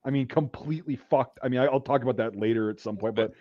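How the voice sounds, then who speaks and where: A man's voice: medium pitch, quick pace, no room sound. Profane storytelling man, dull dry sound. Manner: profane, animated, acts out drill sergeants' shouts. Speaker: podcast host. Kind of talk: casual storytelling.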